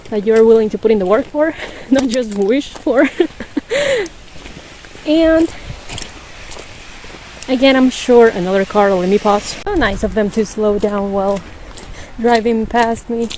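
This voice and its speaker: A woman's voice: on the high side, normal speed, long pauses, a little mellow, a little hiss or hum, poor audio. A woman hosting a podcast, chatting in a rambling casual way while walking outdoors on a snowy street, laughing often and a little winded. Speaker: podcast host.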